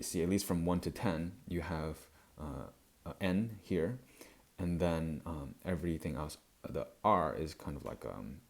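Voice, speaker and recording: A man giving a halting explanatory lecture over slides, with many fillers. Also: very deep voice, vocal fry, a little mellow, slightly rough. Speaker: language educator.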